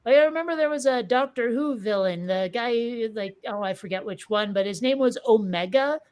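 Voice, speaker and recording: A woman in casual chat, talking in a wry, animated way and telling stories. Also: fairly high pitch, a little fast. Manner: chatty, wry, animated storyteller. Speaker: podcast co-host.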